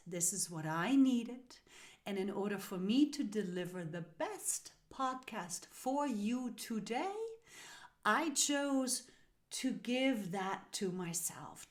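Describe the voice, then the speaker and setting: A woman hosting a spiritual self-help podcast, talking in a slow, soothing, guiding way that sometimes drops into soft whispers. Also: medium pitch. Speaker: podcast host.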